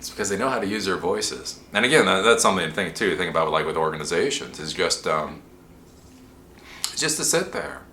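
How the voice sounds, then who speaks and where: A man hosting a show, answering a viewer's question in a rambling, animated way. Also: low-pitched, quick pace, few pauses, reverberant, a little hiss or hum. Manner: rambling, animated, with frequent laughs and restarts. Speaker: host.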